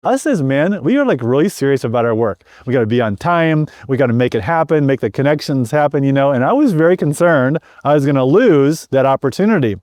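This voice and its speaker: A middle-aged man tells a personal story as an interview guest, speaking earnestly at an ordinary pitch for a man. He often repeats words and restarts his sentences as he goes. The recording is dry and close, with no room echo. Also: animated, quick pace, few pauses, a little mellow. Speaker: guest sharing a personal testimony.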